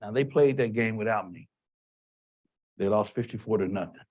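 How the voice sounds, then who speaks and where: A man from Texas giving a motivational keynote, telling stories in an emphatic, animated way. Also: lowish voice, moderate pace. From Texas, USA. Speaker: keynote speaker. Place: conference hall stage.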